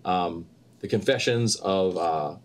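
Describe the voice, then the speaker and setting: A man's voice: sits low, slow. A man, an actor and producer, chatting as a guest and acting out quotes as he tells stories. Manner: animated storyteller, acts out quotes with laughter. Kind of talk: casual interview chat.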